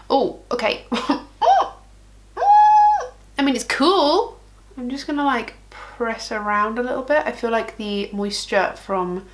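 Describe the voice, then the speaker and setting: A chatty woman talks through her makeup in a casual vlog, thinking aloud and breaking into giggles. Her voice sits at an everyday middle pitch. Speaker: makeup vlogger. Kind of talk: casual makeup tutorial chat.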